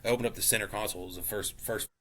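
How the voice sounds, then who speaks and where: A man co-hosting a podcast, telling a drawn-out anecdote in casual chat with a wry tone. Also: on the low side, fairly even intonation, fairly bright tone, slight background noise. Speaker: podcast co-host.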